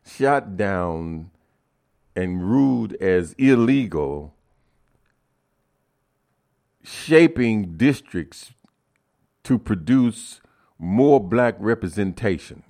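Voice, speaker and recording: Low-voiced radio host, halting and emphatic. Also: male voice, a little mellow. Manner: halting, repeats words, rises emphatically on key points. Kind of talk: community radio talk, addressing listeners.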